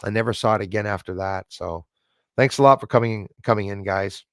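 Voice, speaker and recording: A man's voice: lowish voice, fairly quick, a bit bright, dry recording, studio quality. A man from Montreal, hosting a live stream and casually thanking his viewers as he signs off, switching between French and English. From Montreal, Canada.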